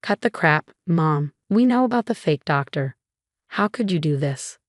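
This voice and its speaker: A woman's voice: deep voice, expressive, a little slow, no echo, studio quality. A woman voicing a young husband who speaks firmly and coldly to his mother. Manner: firm, cold.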